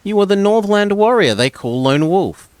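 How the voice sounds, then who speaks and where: A man's voice: animated, moderate pace, clean tone, dry recording. A man putting on a refined young noblewoman's voice. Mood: eager. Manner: high, polite, courtly delivery. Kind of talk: reading a gamebook aloud with voices.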